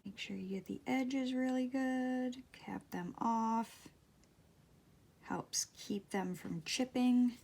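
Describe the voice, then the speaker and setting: A middle-aged woman giving a casual nail tutorial at home, talking slowly and softly, often dropping to near-whispers. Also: a little high, creaky. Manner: slow, soft-spoken, drops to near-whispers. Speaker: beauty vlogger. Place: home, at a table.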